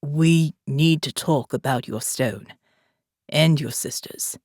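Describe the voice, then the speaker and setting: A woman narrator voicing a calm male operative leader with a faint South African accent, speaking quietly and with authority. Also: deep voice, takes it slowly, no echo, clean studio sound. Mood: calm, persuasive.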